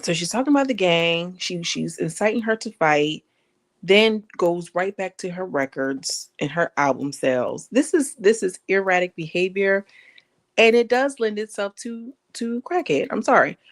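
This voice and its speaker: Blunt, animated woman with a lower voice. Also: moderate pace. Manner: animated, emphatic, slangy and blunt. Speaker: online commentator. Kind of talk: casual gossip commentary vlog.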